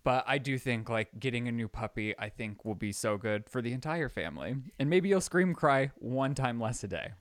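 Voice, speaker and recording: A man's voice: mid-range voice, moderate pace, hardly any pauses, no room sound, clean studio sound. A young man co-hosting a casual podcast chat, teasing and telling stories with lots of energy. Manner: chatty, teasing, animated storytelling. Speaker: podcast co-host.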